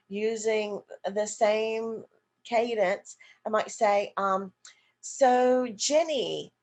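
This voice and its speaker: A woman nurse educator teaching an online seminar, acting out example questions and answering her own questions as she explains. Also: a little high. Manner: demonstrative, acts out example questions to a partner. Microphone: video call.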